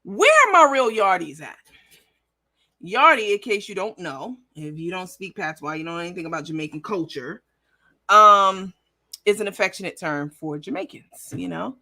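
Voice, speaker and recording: Brash, bright-voiced woman livestream host. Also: lowish voice, moderate pace. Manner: brash and profane, talks straight to viewers. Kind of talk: casual livestream chat.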